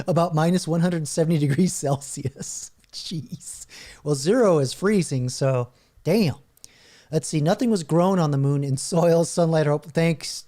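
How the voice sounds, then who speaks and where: A man's voice: fairly high pitch, warm tone. A middle-aged man hosting a casual reaction video, chuckling often as he reads chatbot answers aloud. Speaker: channel host.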